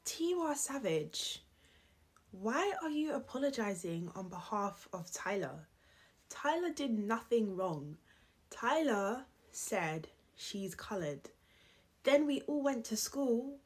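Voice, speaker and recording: A woman's voice: a little high, sing-song, takes it slowly, breathy edge. A woman giving reaction commentary in an exasperated, questioning way.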